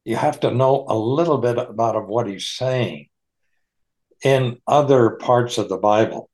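A man leads a Bible study in an unhurried, folksy manner. He chuckles often as he explains the passage, and his voice sits at an ordinary middle pitch. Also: a little mellow. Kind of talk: online Bible study teaching.

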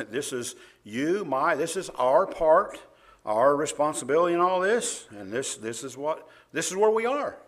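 A man's voice: fairly high pitch, measured pace. A man preaching a sermon, reading scripture aloud with emphasis and chuckling often. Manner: animated, laughs often, reads verses louder.

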